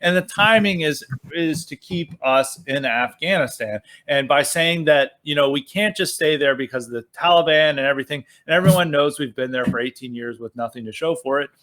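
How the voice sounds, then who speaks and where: Male podcast guest, slightly high pitch, animated sarcastic delivery, filler-heavy. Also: a little fast, hardly any pauses. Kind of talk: casual political chat.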